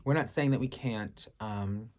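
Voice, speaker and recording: A woman in her thirties speaks unhurriedly in an extremely low, slightly mellow voice. Chatting to camera, she answers fan questions candidly and sassily, swearing freely.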